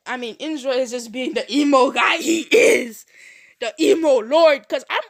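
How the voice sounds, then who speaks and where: Here a young woman sits high in pitch and sounds a bit bright as she casually recounts a fan-made story. She rambles, leans on fillers, and briefly switches into character voices.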